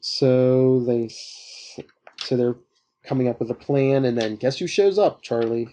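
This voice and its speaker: A man's voice: medium pitch, unhurried, dark tone. A man hosting a podcast, casually retelling a comic book plot with lots of "uh" fillers and restarts. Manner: rambling with frequent uh fillers. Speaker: podcast host. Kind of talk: casual chat recapping a comic.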